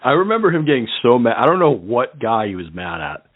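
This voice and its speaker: A man's voice: medium pitch, sing-song, fast, a little hiss or hum. A man hosting a casual call-in radio show, rambling through crude jokes and laughing often. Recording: tinny phone-like line.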